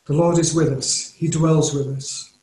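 A man with an English accent preaching a sermon in an earnest, measured way, leaning on key phrases. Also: on the high side, fairly even intonation, darkish tone. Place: church or home, recorded for online service. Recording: roomy echo.

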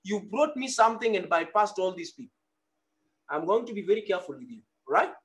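Male preacher, very high-pitched, bright and forceful, quizzes the congregation as he goes. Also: big pitch swings, fairly quick. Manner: preaching with call-and-response questions. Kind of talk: sermon.

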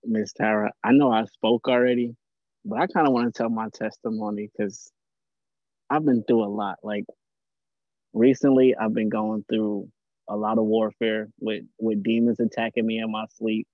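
A man giving an earnest, halting testimony on a live call, repeating words as he goes. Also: fairly low pitch, level tone, dry recording. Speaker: caller sharing a testimony. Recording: tinny phone-like line, dry.

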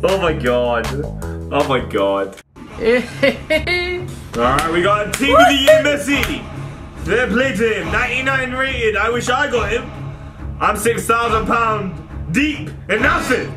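A young man reacting loudly and excitably as a video host, with swearing outbursts. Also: very high voice, unhurried, pauses often, over music. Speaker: YouTuber host. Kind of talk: pack opening reaction commentary.

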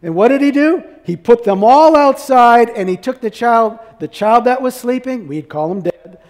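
High-voiced preaching man in a reverberant hall. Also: expressive, normal speed, a little mellow. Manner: preaching with rhetorical questions to the congregation. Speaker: pastor. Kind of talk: sermon.

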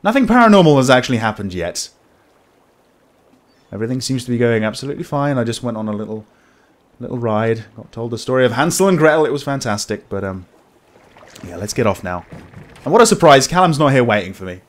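A man talks through a game with wry, joking asides. His voice moves lively up and down, casual and chatty. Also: mid-range voice, fast. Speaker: let's-play gamer. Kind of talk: casual gameplay commentary.

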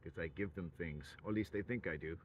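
A man's voice: deep voice, fast, a little hiss or hum, lightly acted. A man voicing a smug, leering mall Santa who gloats about the children he gets.

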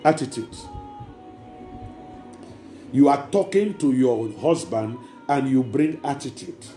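A man's voice: medium pitch, lively intonation, takes it slowly, warm tone. A man preaching a sermon as pastor, emphatic and repeating key words. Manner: emphatic preaching with acted quotes. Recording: echoey room with faint music.

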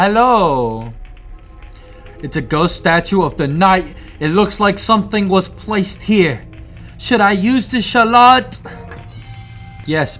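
A young man with a high, bright voice reacts to a game he is playing. His commentary is excitable, full of swearing, laughter and wild swings of pitch. Faint game music plays underneath. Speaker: gamer playing through a video game. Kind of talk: let's-play commentary.

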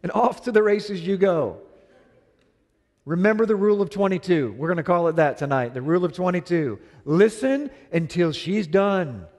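A middle-aged male pastor with a high voice preaches at normal speed, recorded with long hall reverb. He tells a story with animated energy, acting out both sides of a quarrel.

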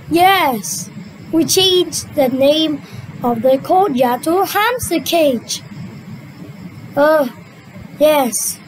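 A young adult woman, a native Vietnamese speaker, reading a children's cartoon story aloud in a sing-song, drawn-out way and switching between character voices. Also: high-pitched, lively intonation, a little hiss or hum, poor audio. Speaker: storyteller voicing a cartoon retelling.

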